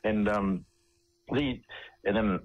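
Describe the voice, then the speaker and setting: A man, an interview guest, telling personal stories in a halting, emphatic way full of restarts, heard over radio. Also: lowish voice, highs cut off.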